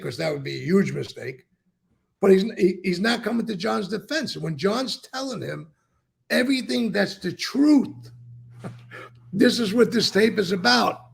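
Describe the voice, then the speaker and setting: A man as an interview guest, recounting and explaining events with emphatic, animated storytelling. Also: high-pitched, gravelly, breathy edge.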